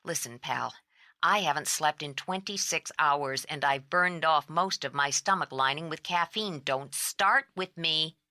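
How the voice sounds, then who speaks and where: A sleepless, strung-out woman, voiced by a female narrator, speaks low with a tight, edgy tone. She is blunt and clipped, worn down but still sharp. The audiobook sound is dry and close. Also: measured pace, dry recording, heavily acted. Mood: weary. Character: exhausted sharp-tongued woman on the phone.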